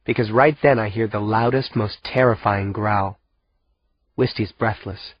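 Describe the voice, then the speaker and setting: A man's voice: lowish voice, fairly even intonation, a little slow, muffled recording, slight background noise. A man narrating an audiobook in the first person with tense storytelling.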